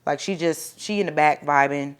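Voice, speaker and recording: A woman's voice: low-pitched, moderate pace, smooth. A young adult woman telling her own story in a candid, profane, casual way, acting out what people said. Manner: candid, profane, animated retelling with acted-out quotes. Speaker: storyteller guest.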